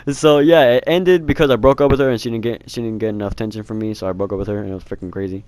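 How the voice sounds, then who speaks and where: A man's voice: fairly low pitch, steady tone, fast, a little mellow, dry recording. A teenage boy telling a rambling storytime, laughing and swearing casually. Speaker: vlogger.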